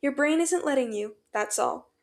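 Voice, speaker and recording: Woman voicing a tearful young man pleading gently. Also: high-pitched, animated, moderate pace, gravelly, pitched above the performer's own voice. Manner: urgent, pleading, near tears. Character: young man, frantic, comforting a panicking friend.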